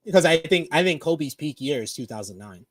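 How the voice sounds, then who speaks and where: A man co-hosting a casual wrestling review chat, animated and laughing as he tells stories. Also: a little high, brisk, no room sound. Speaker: co-host of wrestling review show.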